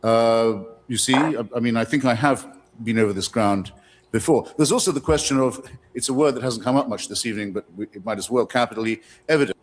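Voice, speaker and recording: A man's voice: medium pitch, brisk, slight background noise. A man speaking eloquently and measuredly in a formal public debate, answering a question. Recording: reverberant debate hall.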